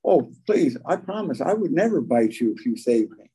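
A man voicing a lying, sly male snake that pleads to be picked up, in a high whining voice. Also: very animated, moderate pace, warm tone, slightly rough, heavily acted. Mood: pleading.

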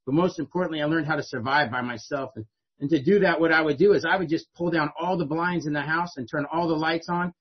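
Fast-talking husky man telling a story. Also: a little high, lo-fi sound. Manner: conversational, often tags lines with "right?". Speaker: speaker telling his life story. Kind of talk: personal storytelling speech to an audience.

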